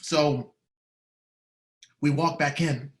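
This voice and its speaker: A man giving an emotional storytelling speech, heartfelt and dramatic, shifting between loud and hushed. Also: a little high, fairly even intonation, very slow, reverberant. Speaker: speaker at a staff training day.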